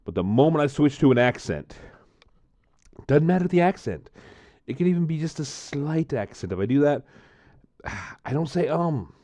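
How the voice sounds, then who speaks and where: A man chatting casually to camera while tasting drinks, rambling, repeating himself and filling pauses with frequent "uh, um" sounds. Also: on the high side, very animated, dark tone, no echo.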